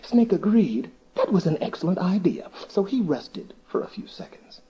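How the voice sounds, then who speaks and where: A man narrating a folktale for listeners in an animated, expressive storybook manner. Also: sits high, moderate pace, slightly rough, dull audio.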